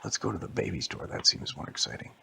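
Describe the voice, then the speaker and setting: A man voicing a deadpan boy sidekick in a softly whispered bedtime-style story. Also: quick pace, noisy background, natural voice.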